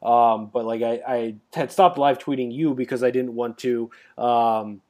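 A man's voice: medium pitch, steady tone, unhurried, a little mellow. A man co-hosting a podcast in casual chat, rambling along with many fillers and restarts. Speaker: podcast co-host.

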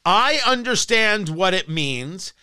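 A man's voice: high voice, animated, slow, sharp tone, clean tone, dry recording, clean studio sound. A man hosting a political talk radio show, ranting in a combative, sarcastic way. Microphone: studio microphone.

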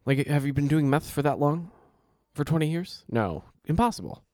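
A man's voice: a little high, lively intonation, normal speed, darkish tone, dry recording, studio quality. A man co-hosting a casual chat, animatedly acting out quotes from people he met on the street. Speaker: podcast co-host. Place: New York.

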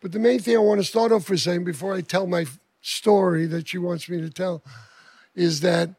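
An older man beginning a story on stage, starting and stopping with frequent pauses. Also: high-pitched, fairly even intonation, darkish tone, husky, no echo. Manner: halting, with many uh fillers. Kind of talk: live storytelling.

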